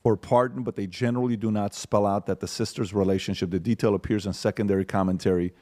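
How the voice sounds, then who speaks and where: A man's voice: fairly low pitch, fairly even intonation, fast, warm tone. A man co-hosting, summarizing a news story in a reading-style way with small stumbles.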